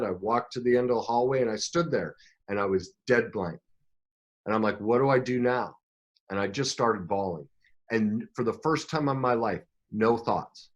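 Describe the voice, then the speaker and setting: A middle-aged man speaks as a podcast guest, recounting his life with rising emotion and frequent restarts. His voice sits at an ordinary middle pitch for a man, and he shifts between hushed reflection and animated bursts. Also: muffled recording. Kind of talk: storytelling interview talk.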